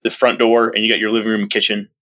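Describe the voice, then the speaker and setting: Low-voiced man, forceful and dry. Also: monotone, rapid-fire, no room sound, muffled recording. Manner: earnest, rambling retelling with frequent restarts and fillers; acts out his own quoted lines in a jumpy, raised voice. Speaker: podcast guest. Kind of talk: casual storytelling in an interview.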